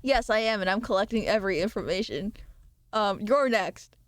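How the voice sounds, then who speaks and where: A woman's voice: mid-range voice, lively intonation, normal speed, dry recording, studio quality. A young adult woman streamer in casual live-stream chat, bantering with viewers, reading their messages aloud, laughing often and swearing freely.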